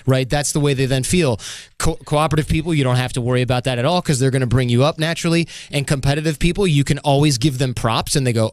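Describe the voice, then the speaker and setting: Man, podcast guest, quick talker, dry close sound, explains at length. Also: mid-range voice, no room sound. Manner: explains at length, acting out little voices of other people. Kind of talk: casual podcast conversation.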